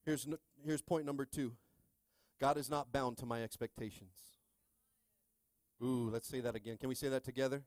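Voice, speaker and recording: A man's voice: medium pitch, fairly even intonation, normal speed, dry recording. Man preaching with call-and-response. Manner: call-and-response preaching, swings from quiet to shouting. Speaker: pastor. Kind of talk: sermon.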